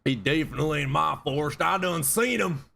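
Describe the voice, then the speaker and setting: A man's voice: a little high, brisk, creaky, pushed and bright, voice pushed up, full character voice. A man doing a hollering backwoods Bigfoot witness. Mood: rowdy. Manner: hollering, folksy rural slang. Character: rowdy backwoods man swearing he saw Bigfoot.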